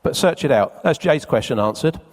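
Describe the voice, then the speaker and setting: A man's voice: medium pitch, expressive, brisk. A man speaking live to an audience at a seminar, chatty and teasing, quizzing the crowd. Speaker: event speaker. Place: conference hall with a live audience. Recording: long reverb of a large hall.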